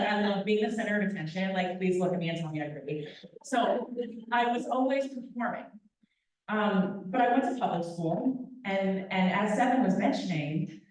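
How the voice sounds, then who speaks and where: Woman, young adult, guest speaker, animated and playful, talking to a crowd, handheld mic, big reverberant hall, a bit far off. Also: mid-range voice. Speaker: guest speaker, opera company vice president. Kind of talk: lively public talk to an audience. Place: large echoey hall. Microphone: handheld microphone. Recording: very echoey hall, picked up from a distance.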